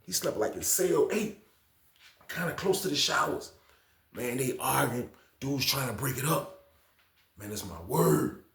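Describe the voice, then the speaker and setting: Casual male storyteller, slangy and repetitive, mid pitch, talks straight to viewers in a roomy echoey space. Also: expressive, a little slow, creaky, pauses often, fairly bright tone. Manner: casual slang, repeats phrases, addresses viewers. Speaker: storytime channel host. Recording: echoey room.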